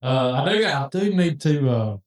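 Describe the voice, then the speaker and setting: A man telling a long story in casual chat, rambling with animated asides and restarts. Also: mid-range voice, normal speed. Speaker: podcast host telling a hunting story. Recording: very echoey room.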